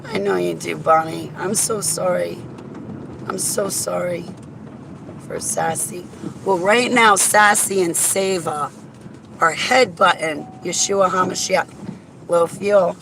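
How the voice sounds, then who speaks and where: A woman's voice: lowish voice, takes it slowly, creaky, sharp tone, low-quality recording. Rambling woman vlogging from her car. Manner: rambling, talks to herself and to viewers by name. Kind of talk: casual driving vlog chat. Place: inside a car on a highway. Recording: road and wind noise in a car.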